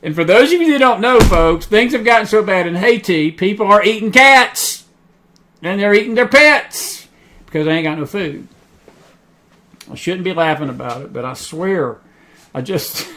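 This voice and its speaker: A man with a high, light voice hosts an online talk show from what sounds like a home studio. He talks in a loose, chatty way, trailing off and restarting often, with plenty of ums and uhs between his thoughts. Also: lively intonation, normal speed, long pauses, pushed and bright. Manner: chatty, rambling, many fillers. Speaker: host. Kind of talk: casual talk show monologue.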